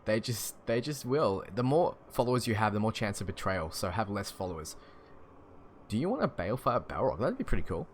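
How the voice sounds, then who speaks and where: Chuckling often as he responds to stream chat, a young man from Australia with an Australian accent keeps things chatty and laid-back. He speaks briskly in a lowish, very animated voice, with a little hiss or hum in the background.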